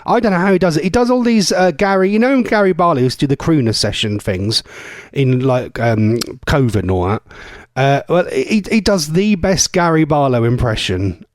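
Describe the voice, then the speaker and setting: A man's voice: on the high side, lively intonation, no room sound, studio quality. Chatty male radio host. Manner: chatty, rambling, playful, quick asides. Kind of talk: casual radio chat. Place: radio studio. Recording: loud music bed under speech.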